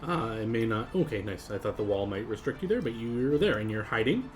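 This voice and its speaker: A man narrating as game master of a tabletop game stream, relaxed, laughing often, with plenty of fillers. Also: fairly low pitch, a little fast, soft background music.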